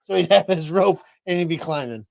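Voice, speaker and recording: A man co-hosting a podcast, excitable and profane, laughing often in casual chat. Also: fairly high pitch, fairly quick, gravelly, no room sound. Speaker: podcast co-host.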